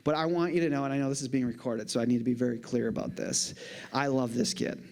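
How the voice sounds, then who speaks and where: A middle-aged man giving a humorous conference talk to a church audience, animated, with jokey asides. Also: medium pitch, fast. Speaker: conference speaker.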